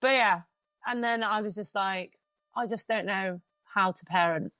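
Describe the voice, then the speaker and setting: A woman, hosting a podcast and venting candidly in quick runs, swearing freely. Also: mid-range voice, pushed and bright, no echo. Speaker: podcast host. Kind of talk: casual podcast chat.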